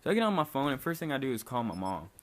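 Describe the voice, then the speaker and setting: Racing along with big swings in pitch, this medium-range male voice belongs to a young vlogger telling a story in a relaxed way. His talk is full of "like" and free swearing, and a little background noise can be heard.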